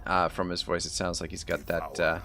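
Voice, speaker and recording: Streaming a strategy game live, a man with a Canadian accent talks to his viewers and reads out their chat, his commentary rambling and full of fillers and restarts. He speaks a little fast in a low voice with little pitch movement.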